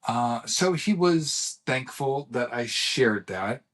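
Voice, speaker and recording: A middle-aged man with a husky, slightly breathy voice, chatting casually as a podcast co-host. He tells stories with animation and drops into quoted voices. His pitch sits right in the middle for a man. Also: slow pace. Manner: animated storyteller, acts out quoted voices, laughs often. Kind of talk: casual chat.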